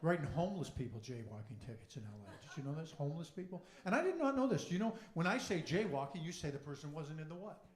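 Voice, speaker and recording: A man performing a stand-up comedy set on a club stage, delivering rapid jokes and long deadpan lists. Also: fairly high pitch, reverberant.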